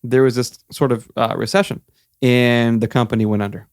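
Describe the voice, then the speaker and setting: A man from Florida, co-hosting a podcast and telling a story in a relaxed way, full of ums. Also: medium pitch, brisk, smooth, dry recording, studio quality. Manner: relaxed, filler-heavy with many ums.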